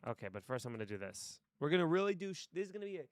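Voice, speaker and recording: A man's voice: fairly high pitch, sing-song, very fast, no echo, clean studio sound. Rambling, swearing male streamer. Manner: rambling, stream-of-consciousness talk, swearing freely. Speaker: streamer and actor. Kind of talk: casual live-stream chat. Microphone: desk mic with headphones.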